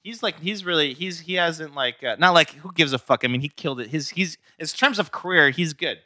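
Podcast co-host, young man, bright and punchy, profane and jokey, dry close mic. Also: fairly high pitch, brisk, no echo. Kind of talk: casual chat.

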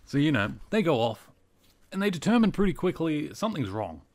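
A man's voice: fairly high pitch, very animated, fairly quick. A man hosting a podcast, recapping an episode in a chatty way with lots of fillers. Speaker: podcast host.

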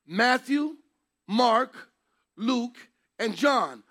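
A man's voice: very high-pitched, lively intonation, takes it slowly, bright, forceful tone. A man teaching a Bible class, speaking emphatically and taking questions from his students.

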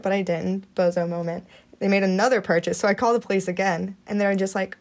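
A woman's voice: mid-range voice, quick pace, a little mellow. Woman, podcast guest, giggly and laid-back, casual storytelling. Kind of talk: casual chat.

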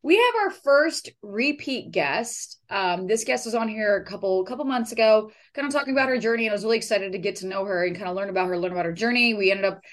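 A woman's voice: medium pitch, fast talker, hardly any pauses. A woman hosting a podcast, chatting casually with loose swearing and lots of fillers and restarts. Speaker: podcast host.

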